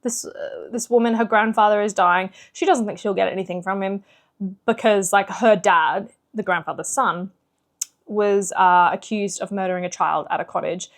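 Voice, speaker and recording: A woman book vlogger in casual chat, chatty and animated with lots of fillers. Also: mid-range voice, moderate pace. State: slightly out of breath.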